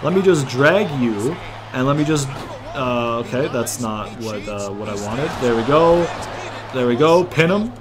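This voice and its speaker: A man's voice: mid-range voice, expressive, a little slow, crowd noise. A man giving casual, rambling gameplay commentary, thinking aloud and swearing freely. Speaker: gaming YouTuber.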